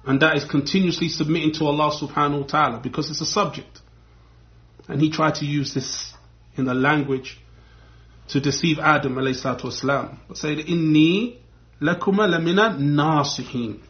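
A man's voice: fairly high pitch, brisk. A man giving a religious lesson, explaining step by step and repeating key points. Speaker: Islamic teacher. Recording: dull lo-fi recording.

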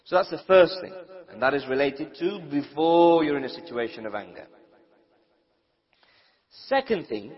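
A man gives a religious lecture and quizzes his listeners. He acts out small quarrels as he goes, in a somewhat high voice. The recording sounds dull and lo-fi. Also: lively intonation, normal speed, long pauses, slightly rough, long reverb tail. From United Kingdom. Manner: asks the audience questions, acts out everyday quarrels. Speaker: Islamic preacher. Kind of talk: religious lecture to a live audience.

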